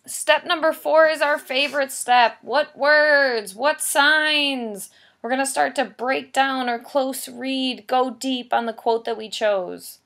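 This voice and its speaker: A woman's voice: high voice, takes it slowly, creaky, a bit bright. A woman teacher giving a recorded writing lesson, explaining patiently and stressing key points by repeating them. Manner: patient, explanatory, emphatic repetition.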